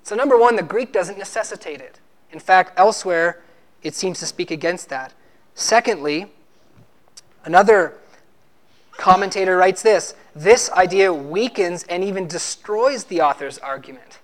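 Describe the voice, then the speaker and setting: A man's voice: high voice, moderate pace. A man preaching a sermon, arguing emphatically and teaching with rhetorical questions.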